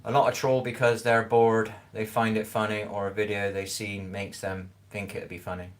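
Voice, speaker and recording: A Scottish man livestreams casually from his home kitchen, rambling along and repeatedly asking "do you know what I mean" to make sure he's understood. His voice is fairly low with a level tone, and he speaks at a normal speed.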